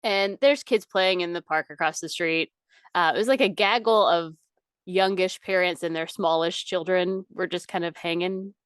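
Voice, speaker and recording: A woman's voice: fairly low pitch, normal speed, clean tone, dry recording. A woman co-hosting a podcast, telling a funny story in casual chat with lots of laughter. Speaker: podcast co-host.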